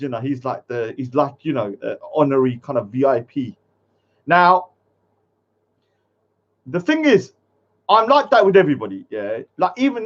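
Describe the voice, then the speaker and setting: A man, hosting a casual livestream, talking bluntly and scolding his chat. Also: high-pitched. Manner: blunt, swears at chat, mock-taunting. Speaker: livestream host. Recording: dull lo-fi stream audio.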